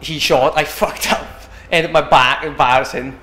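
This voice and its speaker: A man's voice: fairly high pitch, fairly even intonation, moderate pace, pushed and bright, roomy sound, a little hiss or hum. A young man from Britain, an MMA fighter talking casually after a win, rambling and often asking "do you know what I mean". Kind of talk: post-fight interview.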